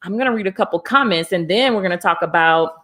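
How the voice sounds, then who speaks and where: A woman's voice: on the low side, quick pace, a bit bright. A woman hosting a live conversational talk show, earnest and encouraging as she reads out viewer comments and brings in her guests.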